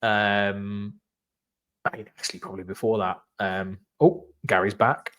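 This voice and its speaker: Guy hosting a football podcast, talks in long excited run-on bursts over a video call. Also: on the low side, a little slow. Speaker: podcast host. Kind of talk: casual football chat.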